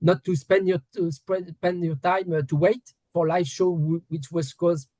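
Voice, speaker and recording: A man's voice: fairly high pitch, fairly even intonation, a little slow, dark tone, dry recording. A man from France with a French accent, interviewing a musician in English, his second language, with many hesitations and restarts. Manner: hesitant, restarts often, polite apologies.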